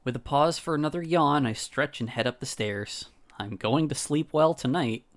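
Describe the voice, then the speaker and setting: A man streaming, reading a visual novel aloud in a calm first-person narrator voice. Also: a little high, normal speed.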